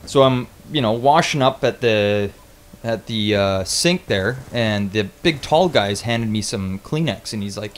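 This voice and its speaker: A young man recounts a travel mishap in a loose, casual vlog style. His voice sits in an ordinary middle pitch, and he swears freely, stumbling through restarts as he gets animated. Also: measured pace. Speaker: vlogger telling a travel story. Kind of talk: casual storytelling.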